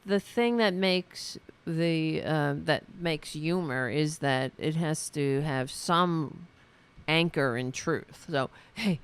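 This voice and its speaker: A fairly high, slightly bright voice with a clear, resonant tone belongs to a man hosting a solo political commentary show. He launches into an angry, sarcastic, profane rant, repeatedly stopping, restarting and using fillers.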